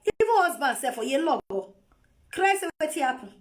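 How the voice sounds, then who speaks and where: Nigerian woman, high voice, live phone video, scolding, repeats herself, lecturing tone. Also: sing-song, brisk. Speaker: vlogger.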